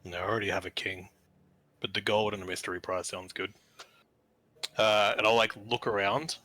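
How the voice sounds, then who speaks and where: Blunt, deep player. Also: male voice, flat delivery, moderate pace, sharp tone, no echo. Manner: blunt, sardonic. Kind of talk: in-character tabletop play.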